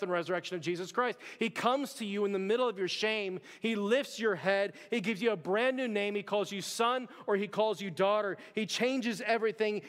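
A man's voice: high-pitched, in a large hall. A pastor preaching an earnest, conversational sermon to his church, often addressing the congregation directly.

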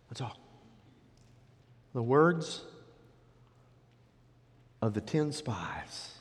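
A man's voice: medium pitch, sing-song, slow pace, long pauses. A male pastor preaching a sermon and storytelling with animation, speaking directly to the congregation. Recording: long hall reverb.

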